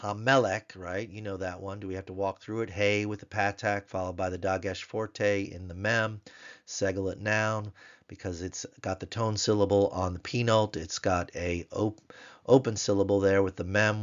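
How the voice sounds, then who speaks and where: A man teaching a grammar lesson, patiently spelling words out slowly and repeating them. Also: sits low, dull audio.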